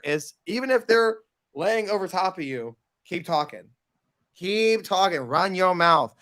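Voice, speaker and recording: Campy, animated man telling stories. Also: sits high. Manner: animated, campy storytelling with quoted voices. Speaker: podcast guest. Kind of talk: casual storytelling chat.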